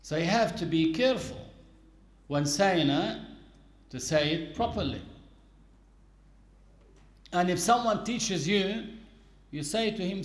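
A man's voice: sits high, lively intonation, a little slow, long pauses. A man giving a religious lesson, explaining patiently with worked examples and little acted scenes. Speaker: religious teacher. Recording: echoey room.

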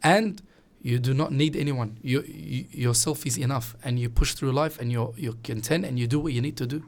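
A man's voice: medium pitch, normal speed, creaky. Earnest man telling religious stories. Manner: earnest, animated storytelling with quoted voices. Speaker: religious teacher. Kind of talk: casual religious chat.

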